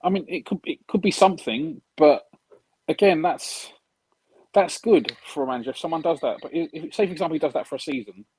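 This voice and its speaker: A man's voice: a little high, a little fast, a little mellow, husky, dry recording, poor audio. A man on a casual panel chat, reasoning hesitantly with frequent restarts.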